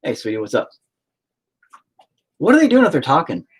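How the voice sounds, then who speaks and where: A man's voice: fairly high pitch, wildly swooping pitch, moderate pace, husky. A middle-aged man chatting casually on a live stream, joking and teasing as a father.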